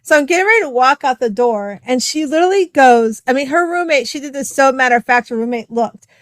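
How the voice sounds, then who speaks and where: A middle-aged woman talks as a podcast guest, her voice sitting a little high for a woman. She tells a personal story in a loose, chatty way, filling it with "like" and "right?". The sound is dry, with no room echo. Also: lively intonation, fast. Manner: chatty, heavy use of "like" and "right?". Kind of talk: casual conversational storytelling.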